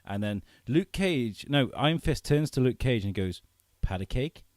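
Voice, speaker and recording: A man talking as a guest on a podcast, telling stories in an animated way, acting out quotes and swearing freely. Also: medium pitch, moderate pace, no room sound, clean studio sound. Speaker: filmmaker guest. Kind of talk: casual podcast chat.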